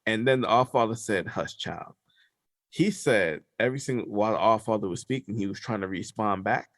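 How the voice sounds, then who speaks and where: A man co-hosting a podcast, telling a story in slangy casual chat, animated and sometimes dropping to a hush. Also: on the low side, fast talker, dry recording, studio quality. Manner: animated storyteller, slangy, drops to hushed tones. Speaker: podcast co-host.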